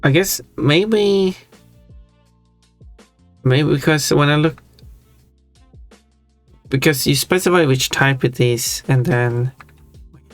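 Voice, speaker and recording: A man's voice: fairly high pitch, takes it slowly, long pauses, dry recording, soft background music. A man in casual stream chat who thinks aloud, chatty and easily drawn into tangents about language.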